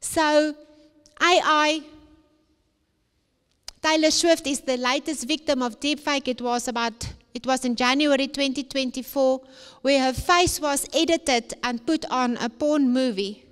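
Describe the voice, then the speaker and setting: A woman's voice: high voice, fairly even intonation, measured pace, a bit bright. A woman giving an emphatic, preacher-like talk to young people at a conference. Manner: emphatic, repetitive preacher-like phrasing. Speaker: conference speaker. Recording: long hall reverb.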